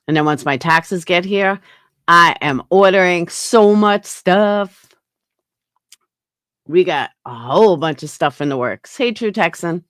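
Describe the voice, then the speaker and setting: A woman's voice: low-pitched, fairly bright tone, no room sound, studio quality. A woman hosting a casual livestream, talking bluntly with frequent swearing and answering her chat. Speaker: livestream host.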